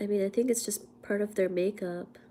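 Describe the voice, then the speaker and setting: Hoarse, sick woman. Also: mid-range voice, fairly even intonation, normal speed. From India. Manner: soft, often dropping to a whisper, with coughs. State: hoarse from a cold. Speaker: livestream host and physics teacher. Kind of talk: casual livestream chat. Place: at home, indoors.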